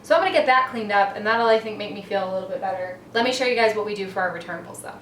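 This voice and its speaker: A woman talks casually to her camera in her own kitchen, rambling along and often letting her voice drop soft and quiet. The room rings with echo, and she sounds a few steps from the mic, with a faint hum of room noise behind her. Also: mid-range voice, rapid-fire. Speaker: cleaning vlogger. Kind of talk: casual chatty vlog narration. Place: her home kitchen, indoors. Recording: echoey kitchen, mic at a distance.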